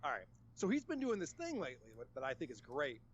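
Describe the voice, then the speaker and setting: A man's voice: mid-range voice, huge pitch swings, quick pace, dull audio, slight background noise. A man appearing as a guest on a podcast, mocking and sarcastic, often laughing at his own jabs. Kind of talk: casual podcast chat.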